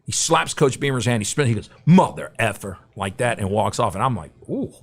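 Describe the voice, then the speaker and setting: A man's voice: medium pitch, animated, brisk. A middle-aged man, a guest broadcaster, telling anecdotes in a podcast interview and acting out the quotes.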